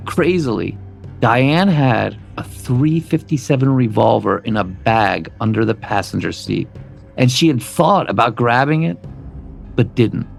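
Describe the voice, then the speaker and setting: A man's voice: medium pitch, expressive, unhurried, creaky, faint music behind. A man co-hosting a podcast, reading a true crime story from a script and dropping his voice at the grim parts. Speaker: podcast co-host.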